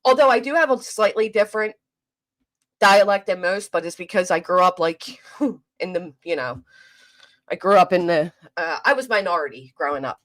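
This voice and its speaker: A woman with a South Jersey accent hosting a casual livestream, chatting with viewers and reading comments in a fast, clipped, profane, teasing way. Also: fairly low pitch, expressive, fairly bright tone. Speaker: livestream host.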